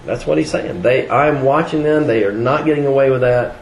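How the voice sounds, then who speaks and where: A man's voice: medium pitch, brisk, roomy sound, slight background noise, poor audio. A man preaching a sermon in a conversational way, with frequent fillers and restarts.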